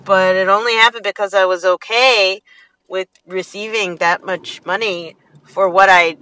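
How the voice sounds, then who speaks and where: A woman talking from inside a car in a casual motivational monologue, animated and acting out quotes. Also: mid-range voice, measured pace, low-quality recording. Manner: animated, acts out quotes in lively voices.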